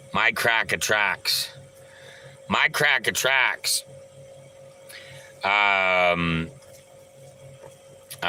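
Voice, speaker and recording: A man talks slowly and loosely on his live stream, greeting viewers and cracking jokes as he reads the chat. His voice sits a little low but rings bright and sharp. It has a relaxed, rambling flow, with a faint hiss underneath. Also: poor audio. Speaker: livestreamer reading chat.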